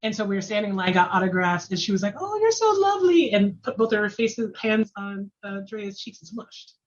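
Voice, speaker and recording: A woman guest on a podcast, telling anecdotes in a quick, chatty way. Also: mid-range voice, flat delivery, muffled recording. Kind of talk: casual chat.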